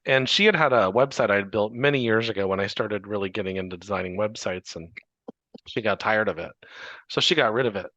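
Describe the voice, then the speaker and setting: Low-voiced chatty male podcast host. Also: brisk, no room sound. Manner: relaxed, laughs easily, chatty with fillers. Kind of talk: casual conversation. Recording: dry, dull lo-fi sound.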